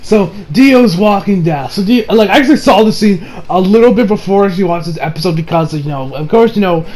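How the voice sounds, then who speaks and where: A young man casually reviewing an anime episode, excitable and swearing freely. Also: high voice, brisk. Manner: excitable, swearing, laughing a lot.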